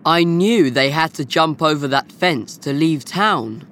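Woman voicing a clever calm boy. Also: low-pitched, a little slow, pitched below the performer's own voice. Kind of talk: storybook reading.

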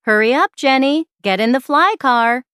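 Brisk storybook mother, firm and hurrying, read by a woman. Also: medium pitch, lively intonation, dry recording, studio quality. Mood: urging. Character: hurried mother urging her daughter.

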